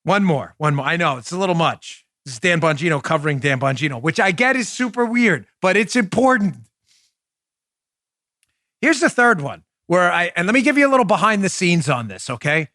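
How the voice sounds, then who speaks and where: A man's voice: sits high, sing-song, a little fast, bright, forceful tone, no echo, studio quality. A man hosting a podcast, giving emphatic, sarcastic political commentary and mimicking the people he talks about. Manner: emphatic, sarcastic, puts on voices for others. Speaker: podcast host.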